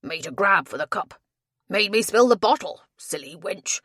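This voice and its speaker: Lady putting on a big grumbly tapster guy, gruff country talk, kinda loud and pushy. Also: mid-range voice, lively intonation, moderate pace, dry recording, clean studio sound. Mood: grumbling. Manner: gruff rustic dialect, belligerent then sulky. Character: big sulky male tavern tapster.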